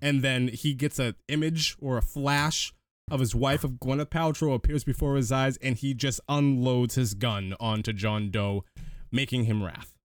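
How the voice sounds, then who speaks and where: A man's voice: medium pitch, steady tone, moderate pace, no echo, studio quality. A man hosting a casual podcast, retelling a film's plot step by step in a chatty way. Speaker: podcast host. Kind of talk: casual movie recap chat.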